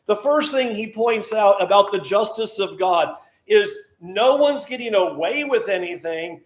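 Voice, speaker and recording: A man's voice: sits high, lively intonation, measured pace. A man preaching a sermon, reading scripture aloud and stressing his points by repeating key phrases. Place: church auditorium. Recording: echoey church room.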